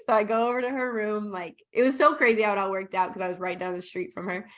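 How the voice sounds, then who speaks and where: A bubbly woman guest on an interview podcast, telling a story with lively energy. She acts out the dialogue as she goes and keeps a casual, conversational flow. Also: mid-range voice, fast talker, few pauses. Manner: bubbly, animated retelling with acted quotes. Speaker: podcast guest, operations consultant.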